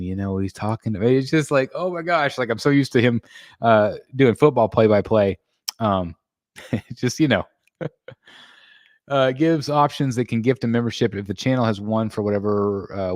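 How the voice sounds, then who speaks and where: A man's voice: fairly low pitch, a little mellow, no room sound, clean studio sound. A man hosting a casual collectors' livestream, reading chat messages and answering in a rambling way with many ums and restarts. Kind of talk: casual live-stream chat.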